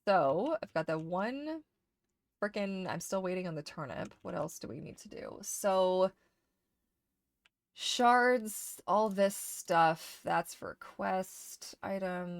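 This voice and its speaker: A woman streamer casually chatting to herself while sorting items in a game, getting animated when something excites her. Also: on the low side, gravelly, no echo. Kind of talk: casual gameplay chat.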